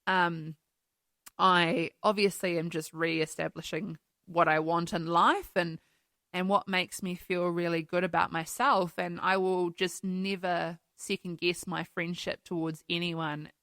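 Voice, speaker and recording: A woman's voice: fairly low pitch, fairly even intonation, measured pace, fairly bright tone, dry recording, clean studio sound. A woman hosting a casual solo podcast, talking candidly and emotionally, laughing often and swearing casually. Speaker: podcast host. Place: New Zealand home.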